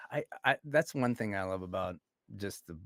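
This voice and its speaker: A middle-aged voice actor, a guest in a casual interview, chats playfully, laughs often, and slips into goofy voices for quotes. His lowish, fairly bright voice has lively intonation and a slightly slow pace, recorded dry with clean studio sound.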